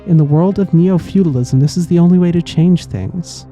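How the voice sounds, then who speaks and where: A man's voice: fairly high pitch, normal speed, warm tone, soft background music, natural voice. A man reading as a remorseful young princess. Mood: apologetic. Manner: apologetic, pleading. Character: earnest young woman politician, a princess. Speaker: let's play host voicing game characters. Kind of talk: reading game dialogue aloud.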